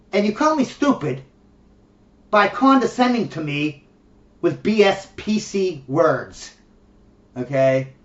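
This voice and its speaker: A man with a fairly high voice rants sarcastically and profanely, stumbling over repeated words as his anger builds. He sounds distant from the mic in an echoey room. The audio is dull and lo-fi. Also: a bit bright. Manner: angry, profane and sarcastic, with repeated stammering restarts. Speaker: video blogger. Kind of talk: ranting monologue to camera.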